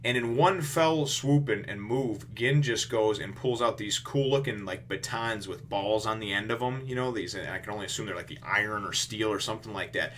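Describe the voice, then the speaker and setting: A man's voice: fairly low pitch, normal speed, hardly any pauses, fairly bright tone, slight background noise. A man reviewing a comic chapter in casual, rambling commentary, full of restarts and "you know".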